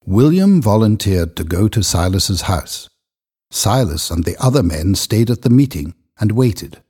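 A man narrating a story in a measured, expressive reading voice. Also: fairly low pitch, breathy edge. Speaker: audiobook narrator.

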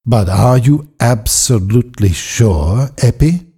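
A poor older weaver speaks quietly, full of feeling, as a male narrator voices him. The voice is slow and mellow, with a husky texture. His pitch moves with lively expression. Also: heavily acted. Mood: pained. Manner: quiet, emotional.

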